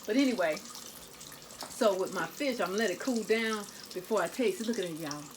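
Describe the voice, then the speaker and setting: A woman's voice: medium pitch, animated, a little fast, background noise. A woman, chatting with her viewers while she cooks in her home kitchen. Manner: chatty, talks to viewers as "y'all" and "guys". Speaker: cooking vlogger. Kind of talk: casual kitchen vlog.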